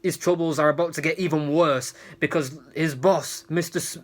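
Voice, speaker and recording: Man, casual episode recap, rambling, slightly high voice. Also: fairly even intonation, moderate pace. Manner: rambling, lots of restarts. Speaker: episode reviewer.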